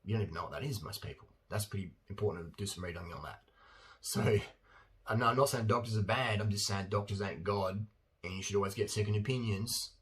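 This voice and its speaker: Blunt, animated man ranting. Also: on the low side, fast talker. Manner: animated, acts out silly voices and laughs often; blunt and opinionated. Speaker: vlogger. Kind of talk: casual monologue.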